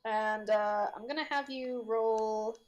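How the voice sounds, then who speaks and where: A woman narrating as game master of a tabletop game. She talks haltingly, with many fillers and frequent laughs. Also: fairly high pitch, steady tone, lo-fi sound, slight background noise.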